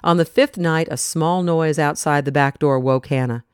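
A reader narrating an audiobook story in an even, measured way. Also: medium pitch, clear, resonant tone, no room sound, studio quality.

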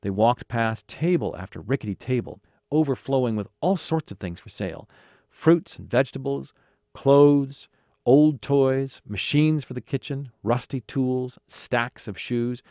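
Expressive man reading a storybook. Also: medium pitch, measured pace, no echo, studio quality. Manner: expressive, animated. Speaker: narrator.

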